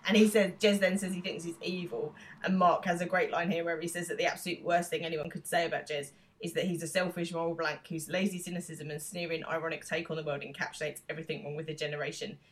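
Low-voiced woman recapping a TV episode. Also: little pitch movement. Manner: retells scenes with quick quoted lines and frequent laughs. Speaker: podcast co-host. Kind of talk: casual chat recapping a TV episode.

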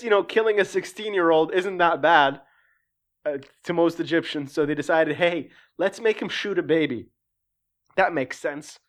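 Sarcastic, rambling show reviewer. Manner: animated, pitch climbing when worked up. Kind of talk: casual spoken review.

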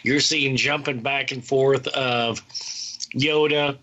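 A talkative man with a bright, forward voice, explaining at length in casual chat. The sound is a bit dull and lo-fi. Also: mid-range voice, fairly even intonation, takes it slowly. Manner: talkative, long explanatory answers. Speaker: podcast host reviewing TV shows.

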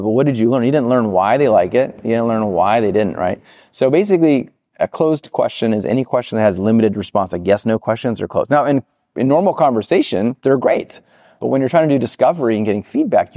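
A man giving an interview on product work, talking animatedly and acting out the people he quotes in quick voices. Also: medium pitch, dry recording, clean studio sound. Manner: animated, acts out quoted reactions. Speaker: product management guest. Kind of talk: interview answers.

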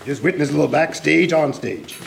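Man voicing an excitable puppet host, gravelly, swooping pitch, noisy live stage recording. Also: fairly quick. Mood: playful. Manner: bouncy, jokey, swoops up and down. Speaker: show host.

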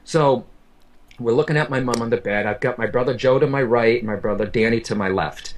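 With a mid-range voice and a slightly fast delivery, a man who works as a medium shares an emotional personal story in earnest, repeating himself and addressing the listener. A little hiss or hum sits under the recording.

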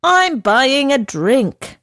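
A woman voicing an excitable, drunken male horse who speaks in broken English. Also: high voice, drawn-out words, no echo, studio quality, pitched above the performer's own voice, exaggerated voice. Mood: excited.

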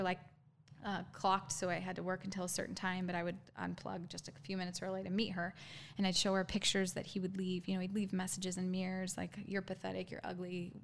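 A woman guest in an interview telling her own story candidly, halting, with frequent ums and restarts. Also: fairly low pitch, vocal fry, slight background noise.

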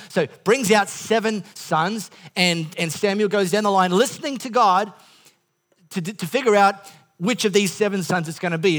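A man's voice: high voice, moderate pace, fairly bright tone. A man with an Australian accent preaching a sermon as the pastor, rambling through comic stories with frequent asides and restarts. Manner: rambling, self-interrupting storyteller with comic asides.

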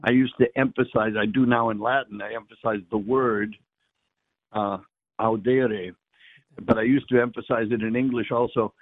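A man, a priest, reflecting on the Mass in a halting way, often repeating words as he searches for them. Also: medium pitch, fairly even intonation, no echo. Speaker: priest guest. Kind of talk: reflective conversation on faith. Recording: dry tinny phone-like line.

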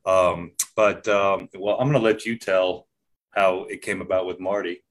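A man's voice: deep voice, fairly even intonation, unhurried. Easygoing man guest. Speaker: guest, restaurant owner. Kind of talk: casual interview.

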